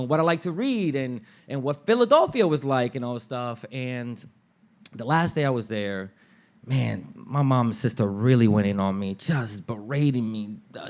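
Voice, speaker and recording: A man telling a personal story live on stage at a story slam, casual and slangy, acting out family members' lines. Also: mid-range voice. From Dominican family background. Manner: animated, acts out family members' lines in raised voices; casual street slang and swearing.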